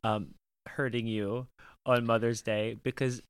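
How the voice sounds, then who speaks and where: A man's voice: medium pitch, flat delivery, unhurried, clear, resonant tone, no echo, studio quality. A man hosting a talk show, teasing in casual chat and laughing easily. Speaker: podcast host. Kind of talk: casual chat and scripted intro.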